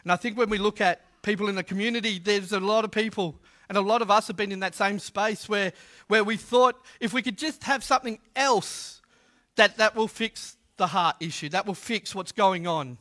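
High, bright-voiced male preacher. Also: normal speed. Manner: humorous, conversational preaching with swings from loud to hushed. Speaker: pastor. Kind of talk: sermon.

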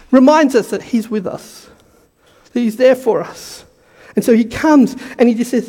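Hoarse guy preaching, really high voice, repeats himself, gets shouty, big hall echo. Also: lively intonation, moderate pace. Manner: fervent, repeats key lines, rises to shouts. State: hoarse, losing his voice. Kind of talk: sermon.

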